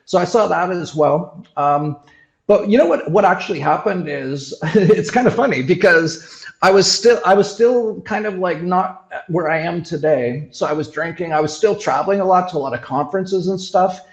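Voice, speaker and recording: A man's voice: sits high, normal speed. Rambling Canadian man, echoey dull audio. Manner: rambling, many restarts and fillers. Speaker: show host. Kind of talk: casual conversational interview.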